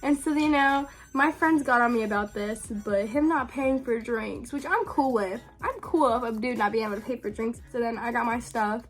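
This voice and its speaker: A young woman with a high, light voice tells a story straight to her viewers. She talks loosely and casually, sprinkling in "like" and "um" and laughing as she goes. Her tone stays relaxed and conversational throughout. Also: moderate pace, few pauses. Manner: chatty, full of "like" and "um", laughs often. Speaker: vlogger telling a story.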